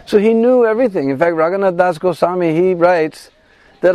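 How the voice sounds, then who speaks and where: Mellow, fairly high man telling devotional tales. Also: a little fast, dry recording. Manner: animated, acts out the quoted voices in the tale. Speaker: pilgrimage guide and devotional speaker. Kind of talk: devotional storytelling on a pilgrimage tour. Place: at a shrine on pilgrimage.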